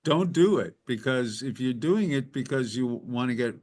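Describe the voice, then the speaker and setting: A man's voice: medium pitch, animated, normal speed, a little mellow. A man with a mid-range voice hosts a casual panel. He reads the chat aloud and gives earnest, practical advice to musicians.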